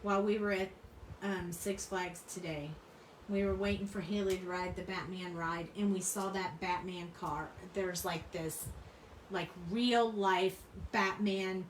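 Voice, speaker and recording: A woman's voice: medium pitch, slight background noise. Chatty woman crafter in an echoey room. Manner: chatty, rambling, laughs often. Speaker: crafting channel host. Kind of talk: casual chat while crafting. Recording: roomy room, mic at a distance.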